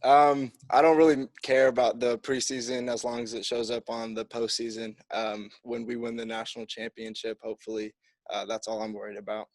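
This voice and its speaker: A man's voice: mid-range voice, level tone, a little fast, dry recording. A young man, a college football kicker, answering press conference questions in an upbeat, easygoing way. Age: young adult.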